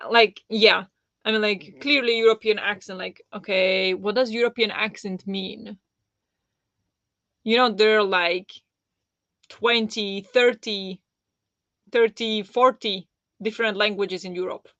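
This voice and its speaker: A woman's voice: medium pitch, steady tone, a little slow, long pauses, a bit bright, no room sound, muffled recording. A woman hosting a live book club discussion, casual, blunt and sarcastic, laughing often. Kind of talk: casual live-stream chat.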